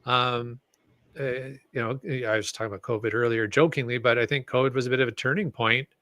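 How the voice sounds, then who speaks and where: A man's voice: medium pitch, fairly even intonation, fast talker, pushed and bright, no room sound, studio quality. A man co-hosting a casual podcast, reading listener comments and chatting in an easygoing way with plenty of fillers. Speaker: podcast co-host. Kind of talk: casual chat.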